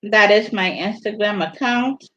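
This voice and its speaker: A livestream host from St. Thomas in the US Virgin Islands chats casually with a Virgin Islands accent as she reads viewer comments. Her delivery is unhurried and drawn-out, her voice medium-pitched and a bit bright. The stream audio is dull and lo-fi.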